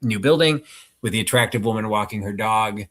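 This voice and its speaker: A man's voice: fairly low pitch, brisk, fairly bright tone. A man co-hosting a live-streamed sale, presenting his items in a casual, wry, self-deprecating way. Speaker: live sale co-host seller. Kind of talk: live-stream auction patter.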